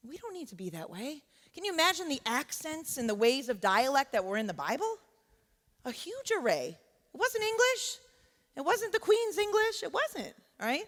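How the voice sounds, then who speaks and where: A woman's voice: on the high side, expressive, moderate pace, a bit bright. Earnest woman speaking in a reverberant church. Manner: earnest, keeps checking in with "right?". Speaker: college teacher speaking at church. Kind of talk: conversational church talk. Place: church sanctuary. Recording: long church hall reverb.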